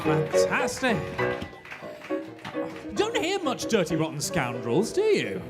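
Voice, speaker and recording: A man's voice: high voice, wildly swooping pitch, takes it slowly, pauses often. A man hosting a live cabaret night, chatty and jokey between acts. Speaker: host. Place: small club stage. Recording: live club with music.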